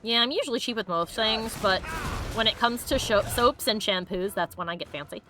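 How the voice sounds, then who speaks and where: A woman's voice: mid-range voice, brisk, music in the background. A woman streaming a video game, chatting casually and swearing at enemies between laughs. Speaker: let's play streamer. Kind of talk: casual gameplay commentary.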